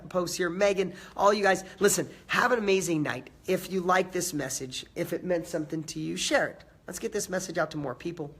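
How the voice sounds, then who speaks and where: Raspy man giving an emphatic motivational talk. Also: on the high side, a bit bright. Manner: emphatic, repeating phrases and building lists; chats with live viewers, greeting them by name. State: slightly hoarse from a cold. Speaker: motivational host. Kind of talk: live-streamed motivational talk.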